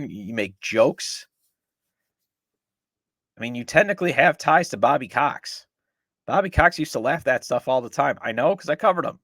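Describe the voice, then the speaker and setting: A man's voice: a little high, very animated, normal speed, a bit bright, no room sound, clean studio sound. A middle-aged man hosting a sports podcast, ranting with exasperated sarcasm about his team. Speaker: podcast host. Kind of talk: opinionated sports talk.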